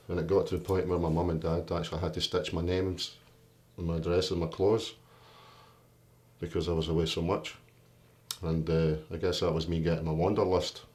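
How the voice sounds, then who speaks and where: A man's voice: sits low, a little mellow. A man, interviewed in a documentary, telling his own story in a candid, plain-spoken way. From Britain. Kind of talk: personal storytelling.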